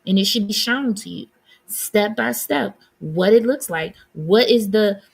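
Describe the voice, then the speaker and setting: A woman's voice: mid-range voice, a little slow, gravelly, husky. A woman hosting a live stream, giving blunt, sassy commentary and answering her chat. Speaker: livestream host.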